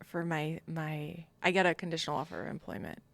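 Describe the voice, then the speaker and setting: A woman from Long Island, a podcast guest, telling her story in a lively way, laughing often and acting out dialogue. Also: deep voice, a little fast, vocal fry, dry recording. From Long Island, United States. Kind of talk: casual storytelling interview.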